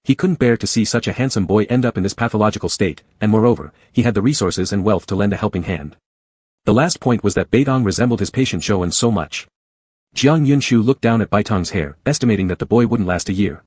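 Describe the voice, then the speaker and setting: Low husky male narrator. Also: lively intonation, quick pace, darkish tone, dry recording, clean studio sound. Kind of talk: scripted story narration.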